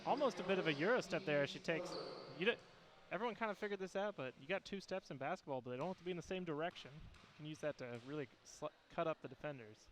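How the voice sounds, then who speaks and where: A man with a Midwestern accent giving quick, chatty color commentary on a basketball game. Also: fairly high pitch, fairly bright tone, slight background noise. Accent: Midwestern American.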